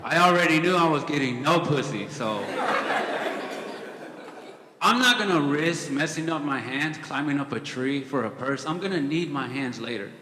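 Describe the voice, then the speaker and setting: A man's voice: fairly high pitch, expressive, normal speed, a crowd in the background, noisy background. A young man performing a stand-up comedy set, telling stories in a casual, profane way with dry asides. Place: comedy club stage before a live audience. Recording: echoey hall with audience laughter.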